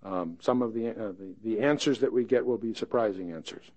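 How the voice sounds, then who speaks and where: Folksy male Bible teacher, mellow tone. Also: on the low side, a little fast. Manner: folksy, plain-spoken, with wry asides. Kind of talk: conversational Bible study. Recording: dull lo-fi podcast recording.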